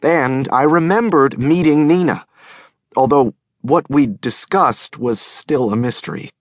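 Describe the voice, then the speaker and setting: A man reads a first-person novel in a measured, wry manner. His voice sits at an ordinary middle pitch. The studio sound is dry and close to the mic. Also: no room sound. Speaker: audiobook narrator. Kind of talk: first-person scripted narration. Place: recording studio.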